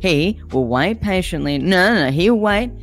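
A woman's voice: on the low side, expressive, moderate pace, faint music behind. A woman co-hosting a game stream, chatting casually and teasing her friend with mock insults. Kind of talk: casual gaming stream chat.

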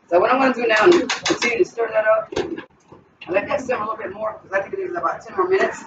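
A woman's voice: mid-range voice, racing. Woman, cooking vlog host, chatty step-by-step talk, home kitchen, noisy background. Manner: chatty, talks the viewer through each step. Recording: distant, dull, noisy home recording.

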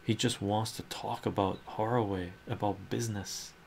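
A man voicing a shy, modest young woman, read in a soft, unhurried ASMR comic reading. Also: on the low side, steady tone, creaky, slight background noise. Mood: timid.

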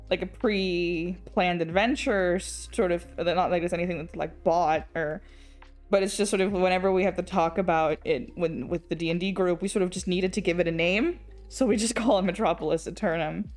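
This is casual chat while drawing: a young English-accented woman on an art stream rambles, restarts her sentences, laughs a lot and sometimes swears. Her lowish voice is steady, a little mellow and at normal speed, with faint music behind.

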